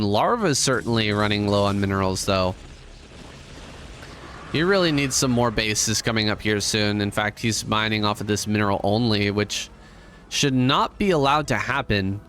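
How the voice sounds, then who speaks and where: A man giving relaxed, conversational play-by-play commentary on a strategy game match, with casual asides. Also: on the low side, normal speed, a little hiss or hum. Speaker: esports caster.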